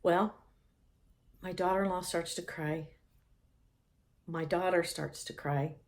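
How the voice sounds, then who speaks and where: A woman's voice: fairly low pitch, steady tone, takes it slowly. A middle-aged woman telling a personal story with humor, laughing often.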